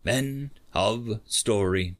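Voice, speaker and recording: A man narrating a science fiction short story in a calm, measured reading. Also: lowish voice, soft background music.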